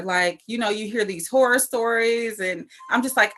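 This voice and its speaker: Young woman telling a funny hospital story, bright voice, acts out the quotes. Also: mid-range voice, normal speed, hardly any pauses. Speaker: cancer survivor speaker. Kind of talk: storytelling in an online event.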